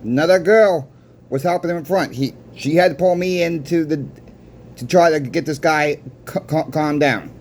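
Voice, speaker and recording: A man who runs a coin shop tells a story straight to his viewers in a casual vlog. His voice sits a little high, and he stumbles over and restarts his words as he goes. A faint hum of background noise runs underneath. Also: moderate pace, a little mellow. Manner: stammers and restarts words while recounting a conversation.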